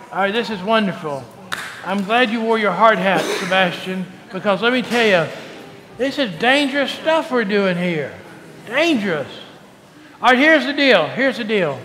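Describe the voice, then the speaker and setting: A man's voice: high-pitched, a bit bright, in a large hall, a little hiss or hum. A male pastor giving a coaxing, call-and-response children's sermon in a church. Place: church sanctuary.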